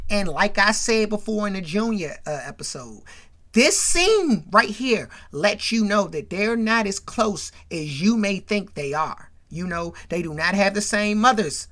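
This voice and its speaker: A woman's voice: mid-range voice, animated, a little slow, fairly bright tone. A woman casually recapping a film scene, often checking in with "right?" and "you know?". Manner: retells scenes, acting out quoted lines; frequent tag questions like "right?". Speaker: host.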